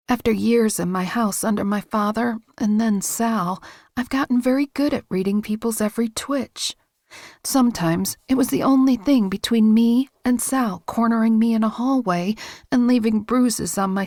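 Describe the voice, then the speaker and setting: A woman narrating a romance audiobook in first person, with a steady, intimate, measured reading. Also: fairly high pitch, no room sound, studio quality.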